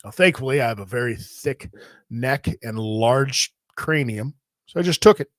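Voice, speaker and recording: A man's voice: medium pitch, moderate pace, no echo, studio quality. Profane man telling a story. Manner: profane, animated, repeats himself when worked up. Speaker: podcast host telling a wrestling story. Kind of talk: casual storytelling.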